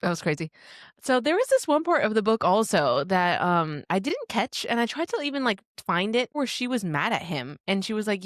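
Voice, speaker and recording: A woman co-hosting a podcast in casual book chat, animated, often acting out characters' lines and swearing freely. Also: mid-range voice, normal speed, dry recording, studio quality. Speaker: podcast co-host.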